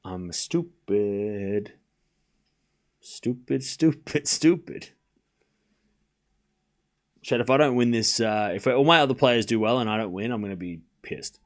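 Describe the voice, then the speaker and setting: A man hosting a live tennis watchalong stream, calling points quickly, chatting with viewers and groaning out loud when things go wrong. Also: mid-range voice. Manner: excitable, groans and cries out at points. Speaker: stream host.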